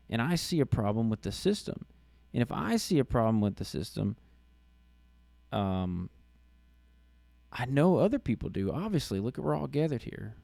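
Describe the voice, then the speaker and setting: Man, middle-aged, podcast host, low gravelly voice, halting casual storytelling, dry close sound. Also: warm tone, dry recording. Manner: halting, many restarts and fillers.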